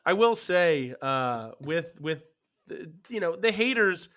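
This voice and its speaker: A young man from Philadelphia hosts a relaxed sports betting chat. His voice is bright and sits a little high, and he talks in an easygoing way, tossing questions to his co-hosts. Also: takes it slowly. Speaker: podcast host.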